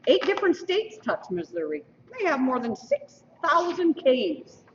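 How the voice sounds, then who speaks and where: Lively woman emceeing in a distant hall. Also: high-pitched, unhurried, slight background noise. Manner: playful, teasing trivia asides. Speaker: emcee of a school mock election. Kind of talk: lively announcing to an audience. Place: school hall. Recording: dull lo-fi stream, roomy hall from afar.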